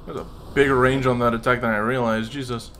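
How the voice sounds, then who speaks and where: A young man co-hosting a gaming video, giving fast, joking commentary full of swearing. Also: mid-range voice, little pitch movement, fairly bright tone, slight background noise. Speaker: gaming co-host. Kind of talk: casual gaming chat.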